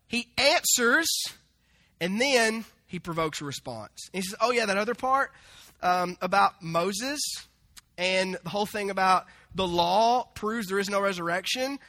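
Male pastor, high bright voice, lively storytelling sermon with playful acted-out quotes. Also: unhurried. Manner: animated, acts out quoted voices with humor.

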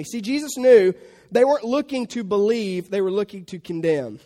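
A man's voice: high-pitched, normal speed, mellow. A man preaching a sermon in a conversational way, asking the audience questions. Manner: acts out quotes in funny voices.

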